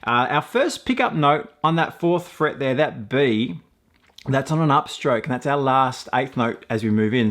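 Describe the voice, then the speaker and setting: A man's voice: medium pitch, moderate pace, soft background music. A man teaching a mandolin tune step by step, patiently counting beats and calling out pick strokes. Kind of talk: step-by-step music lesson. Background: loud mandolin playing.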